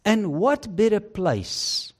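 Slow, lively-pitched male preacher. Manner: emphatic, rhetorical questions, dramatic drops to low quiet phrases. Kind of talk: sermon.

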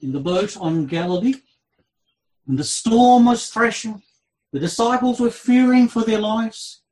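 A man preaching an expository sermon, reading scripture aloud with a dramatic delivery that swings between loud and soft. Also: low-quality recording. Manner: dramatic, slow delivery with wide swings in pitch and loudness.

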